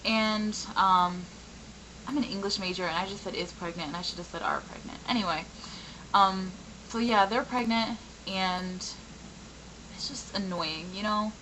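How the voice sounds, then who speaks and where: A young woman in her twenties talks frankly and rambles through a personal update, full of fillers. Her voice is bright and sharp, roughened a little by a recent sore throat. A faint background noise sits under the recording. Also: medium pitch, steady tone, measured pace, rough recording. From Michigan, US. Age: 20s. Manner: candid, frustrated, rambling with many fillers. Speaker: vlogger. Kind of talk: personal venting vlog.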